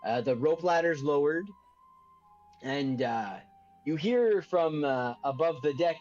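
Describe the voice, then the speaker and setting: A man narrating as game master in a tabletop game, rambling and crude, quick to laugh. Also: fairly high pitch, animated, a little mellow, soft background music. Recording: dull lo-fi.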